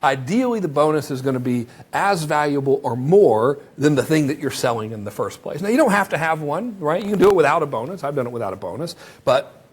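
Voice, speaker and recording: A man teaching a marketing course, who acts out sample sales pitches in a lively way. His voice is strained from talking and he stops to drink water. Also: brisk, husky. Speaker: marketing instructor.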